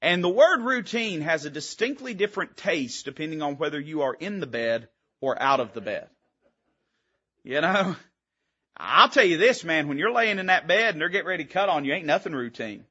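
A man's voice: on the high side, expressive, normal speed, sharp tone, slightly rough, highs cut off. A man preaching a sermon from the pulpit, speaking in an emphatic, rising-and-falling preaching cadence. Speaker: pastor. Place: church sanctuary.

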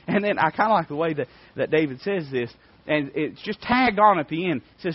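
Fervent preacher. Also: male voice, on the high side, quick pace, no echo. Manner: fervent, swings between quiet and loud. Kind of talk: sermon. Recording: dry, dull lo-fi sound.

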